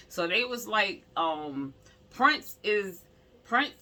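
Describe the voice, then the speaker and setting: A woman's voice: medium pitch, lively intonation, takes it slowly, pushed and bright. A woman casually telling a personal story to her viewers, emphatic and rambling, with many asides to the audience.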